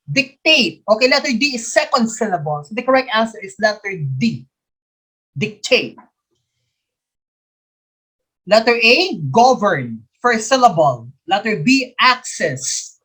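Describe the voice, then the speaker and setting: Running a live online quiz for exam review, this woman speaks with a Filipino accent, repeats every question and its answer, and switches into Tagalog at times. Her voice is a little high, with a fairly bright tone.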